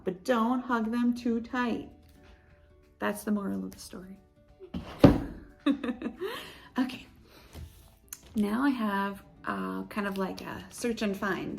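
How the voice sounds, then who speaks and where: A woman librarian reading picture books aloud to young children, playful and expressive, with sound effects and little laughs. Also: mid-range voice, creaky. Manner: speaks slowly and coaxingly to young listeners.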